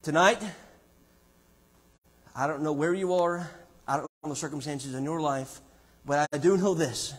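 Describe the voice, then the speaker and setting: A man preaching a sermon in a church, dropping to a hush and then rising to loud, emphatic passages. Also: fairly high pitch, measured pace, pauses often, breathy edge. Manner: dramatic swings from hushed to loud preaching. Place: church sanctuary.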